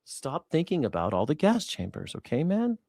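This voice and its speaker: A man hosting a live news reaction stream. He talks straight to his chat in a sarcastic, mocking way and swings between loud jabs and hushed asides. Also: a little high, huge pitch swings, moderate pace, no echo, clean studio sound.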